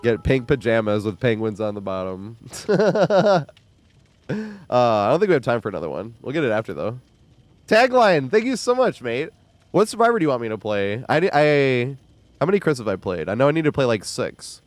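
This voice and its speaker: A man's voice: medium pitch, sing-song, a little fast, dry recording. A man streaming a video game, talking loosely and profanely with his viewers, his voice weak and congested from a cold. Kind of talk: casual livestream chat while gaming.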